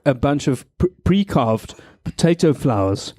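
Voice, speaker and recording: A man, a comedian telling animated stories and acting out voices on a radio show. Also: mid-range voice, unhurried, no echo. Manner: animated, acts out voices and quotes. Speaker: guest comedian. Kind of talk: comedic storytelling on live radio.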